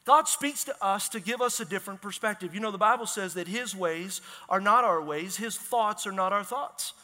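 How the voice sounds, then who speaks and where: A man preaching as a pastor in a church, energetic and conversational, asking the congregation questions. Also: sits high, normal speed. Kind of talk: sermon. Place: church sanctuary. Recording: long hall reverb.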